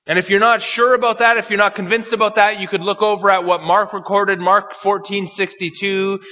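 A man preaching an expository sermon, reading and explaining scripture verse by verse and slowing to quote it. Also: high voice, pushed and bright, in a large hall.

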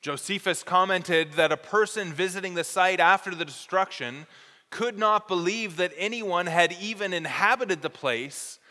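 High-voiced bright preacher in a reverberant hall. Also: male voice, moderate pace. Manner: earnest, explanatory teaching with careful emphasis. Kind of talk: expository sermon.

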